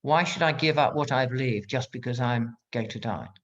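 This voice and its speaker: A man voicing a calm, polite male prisoner who refuses firmly but courteously. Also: mid-range voice, moderate pace, muffled recording, lightly acted. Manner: polite and matter-of-fact.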